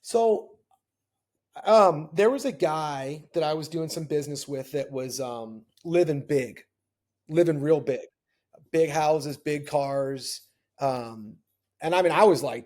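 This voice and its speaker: Animated, earnest man telling his own story. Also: a little high, measured pace. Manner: animated, earnest, acts out quoted voices. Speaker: podcast guest, entrepreneur. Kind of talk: candid storytelling conversation.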